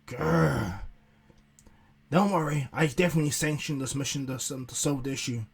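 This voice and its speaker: A man's voice: medium pitch, normal speed, creaky, slightly rough. A man voicing an imperious, grumbling god of destruction. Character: lazy imperious cat-like god, male.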